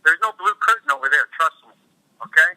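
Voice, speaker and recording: Man, furious and cursing, high-pitched, sharply tense voice, dry close sound. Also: animated, brisk, sharp tone, no echo, low-quality recording. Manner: furious, profane, repeating himself. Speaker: mayor. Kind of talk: angry rant in a private meeting.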